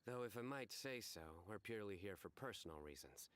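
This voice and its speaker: A man's voice: on the low side, expressive, a little fast, fairly bright tone. A man voicing a stern, formal male general in a video game, speaking stiffly.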